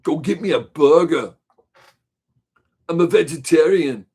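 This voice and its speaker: A gruff, musclebound action hero barks short, clipped orders in a thick Germanic accent, as a man puts him on. The voice is pushed louder than normal and sits a bit away from the mic. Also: on the high side, measured pace. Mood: bossy. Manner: blunt clipped commands.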